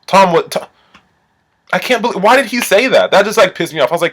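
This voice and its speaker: A man giving a casual, profane recap of a reality show as a vlogger, swinging from low mumbling to indignant outbursts. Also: expressive, fast, pauses often, a bit bright, a little hiss or hum.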